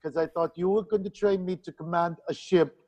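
A man's voice: high voice, fairly even intonation, brisk, dark tone, dull audio. A man doing a crude, scolding Deanna Troi. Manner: crude, accusing, swearing. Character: female alien ship's counselor, blunt and scolding. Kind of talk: comedic impression.

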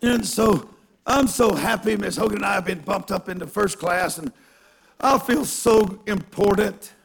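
A man preaching a sermon through a self-mocking story, animated and given to bursts of shouting. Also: sits high, unhurried, gravelly, husky.

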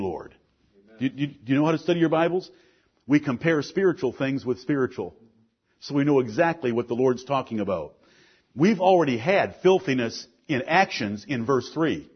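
A man preaching a sermon as pastor, reading scripture and explaining it to his congregation with strong emphasis. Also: breathy edge. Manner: preaching with rising emphasis, then dropping to a low, quiet delivery. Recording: dull lo-fi church recording.

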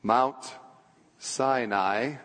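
A man preaching a sermon as a pastor, conversational, asking the congregation questions and making asides, then dropping low and quiet for solemn points. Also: very slow. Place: church sanctuary. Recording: long church-hall reverb.

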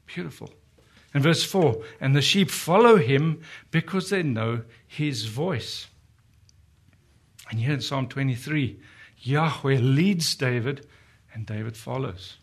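A man delivering a sermon in an earnest, steady voice at a middle pitch. He keeps turning to his listeners with rhetorical questions. When he quotes scripture he slows right down and lets the words sit. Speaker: preacher.

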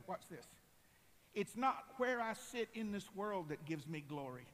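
A man preaching a sermon, impassioned and building to loud cries. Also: high voice, very animated, unhurried. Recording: long hall reverb.

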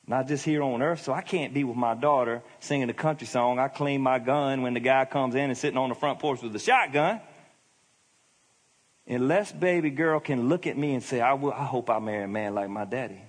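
A man's voice: medium pitch, moderate pace. A middle-aged male pastor giving a sermon, in a conversational, emphatic preaching manner. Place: church hall. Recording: long hall reverb.

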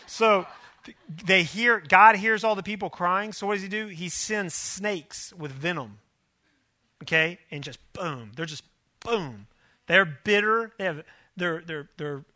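A man preaching a sermon in an animated way, acting out quotes and prodding the audience to join in. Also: high-pitched, dry recording. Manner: animated, acts out biblical quotes, prods the audience. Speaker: pastor.

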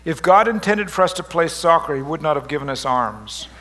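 A middle-aged pastor delivering a lighthearted sermon in church, his voice pitched high for a man. He jokes and teases the congregation with animated, playful delivery. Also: fairly quick, heavy background noise. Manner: joking, animated, teasing the congregation. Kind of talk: humorous sermon. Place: church service.

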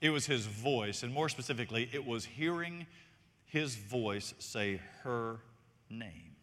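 Emphatic preaching pastor in a hall. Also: male voice, medium pitch, lively intonation, unhurried, a bit bright. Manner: emphatic preaching, reads scripture aloud. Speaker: senior pastor. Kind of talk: sermon.

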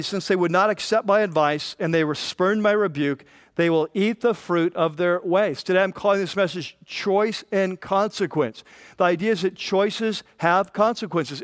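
A man preaching a sermon, reading scripture and acting out the voices in it with lively emphasis. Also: high-pitched, clean tone, no echo, clean studio sound. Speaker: pastor.

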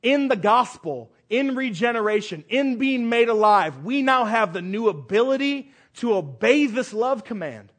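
Pastor guy preaching, fairly high voice, punchy repeats, goes loud then real quiet. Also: lively intonation, moderate pace, few pauses. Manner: emphatic preaching with repeated phrases and big swings between loud and quiet. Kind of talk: sermon.

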